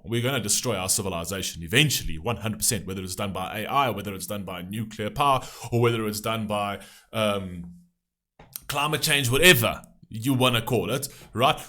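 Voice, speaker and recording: A man's voice: medium pitch, fairly bright tone. A man hosting a reaction video, ranting passionately about the topics the music raises. He swears often and keeps asking rhetorical questions.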